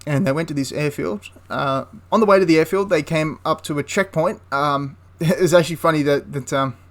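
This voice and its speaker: A man recounting a wartime episode in an easygoing, talkative way. His voice sits a little high for a man, and he often backtracks, repeats himself and adds asides mid-thought. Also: fairly quick. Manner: rambling, with frequent restarts and asides. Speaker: history channel host. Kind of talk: casual history storytelling.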